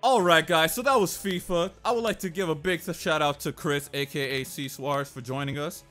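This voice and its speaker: A young man hosting his gaming channel, trash-talking and yelling at a soccer video game in casual commentary. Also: fairly high pitch, a little fast, faint music behind.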